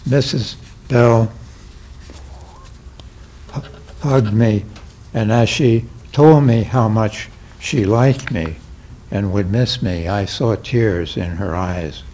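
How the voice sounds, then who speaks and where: An older man reading his own memoir aloud, with a slow, measured delivery and light voicing of the people he quotes. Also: fairly low pitch, darkish tone, a little hiss or hum. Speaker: memoir reader.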